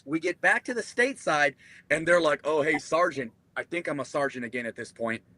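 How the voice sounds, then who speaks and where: A man's voice: on the high side, brisk, dry recording. A man, a military veteran, casually telling a profane war story and acting out the people in it. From United States. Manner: profane, animated, acts out quoted voices. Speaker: podcast guest, Marine veteran.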